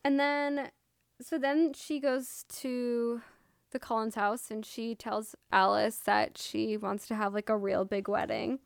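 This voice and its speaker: A woman's voice: a little high, steady tone, slow pace, gravelly, clear, resonant tone. A woman casually gushing about a novel with a friend, using lots of fillers. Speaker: co-host. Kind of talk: casual book discussion.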